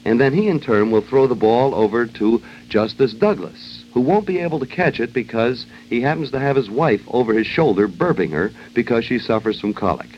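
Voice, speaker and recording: A man's voice: mid-range voice, animated, a little fast, few pauses. A man hosting a radio show, delivering a wry, ad-libbed comic monologue on an old lo-fi broadcast. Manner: wry, joking, loose ad-libbing. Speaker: radio host. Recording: dull lo-fi old radio recording with faint hiss.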